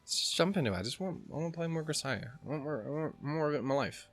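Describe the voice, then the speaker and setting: A man hosting a let's play, chatting and reading in an excitable, jokey way with lots of swearing. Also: fairly high pitch, fast, faint music behind. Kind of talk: casual let's play commentary.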